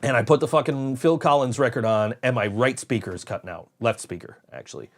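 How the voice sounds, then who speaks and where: A man hosting a casual podcast, spinning loose stories with plenty of swearing. His voice sits at an ordinary middle pitch. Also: expressive, fairly quick. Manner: rambling storyteller, frequent swearing and laughs. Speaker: podcast host. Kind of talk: casual chat.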